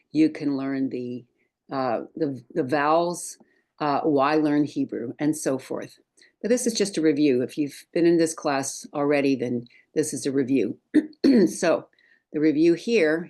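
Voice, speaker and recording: A woman's voice: sits low, darkish tone. A woman teaching a Hebrew lesson over a screen share, patiently reciting letters one by one for learners to repeat.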